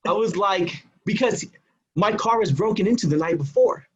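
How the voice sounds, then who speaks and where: A man guest on a podcast, telling a personal story in an animated way and acting out the voices of the people in it. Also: high voice, normal speed, husky, lo-fi sound. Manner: acts out quoted voices.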